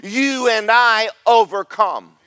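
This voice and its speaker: A man preaching a sermon as pastor, swinging from slow loud emphasis to quick quiet asides. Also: high-pitched.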